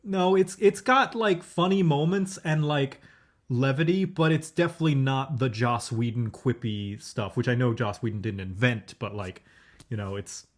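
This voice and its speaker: A man's voice: mid-range voice, moderate pace. A man co-hosting a podcast, chatting casually about a movie he just saw, opinionated and loose, with lots of "like" and "um". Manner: chatty and opinionated, many fillers like "like" and "um". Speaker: podcast co-host. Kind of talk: casual chat, movie review.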